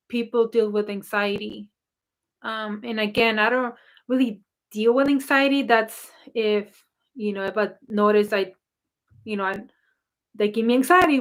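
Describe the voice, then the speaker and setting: A woman who works as a spiritual coach, talking casually and rambling with many fillers and restarts as she answers viewer questions. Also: fairly high pitch. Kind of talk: casual talk to camera.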